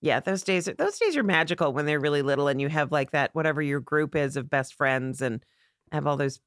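A middle-aged woman, a comedian on a podcast, telling stories in an animated way and acting out the voices in them. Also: deep voice, fairly quick, clear, resonant tone, no echo, studio quality. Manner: animated storyteller, acts out voices. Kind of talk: casual storytelling chat.

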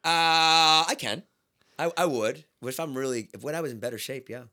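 A middle-aged podcast host in casual chat, laid-back with wry asides. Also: male voice, mid-range voice, normal speed, sharp tone, no echo, clean studio sound.

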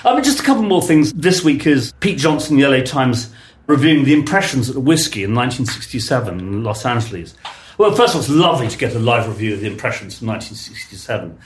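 A man's voice: mid-range voice, fast, reverberant. A man hosting a casual chat, reading old press clippings aloud with enthusiasm. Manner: enthusiastic, reads quotes with lively emphasis. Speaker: podcast host.

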